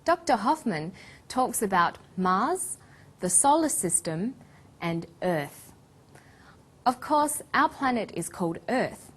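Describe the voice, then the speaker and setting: A woman narrates an English lesson in a slow, measured voice. Her delivery is scripted and carefully clear, pitched at a middle height and paced for learners to follow. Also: very animated, a bit bright. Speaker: English teacher.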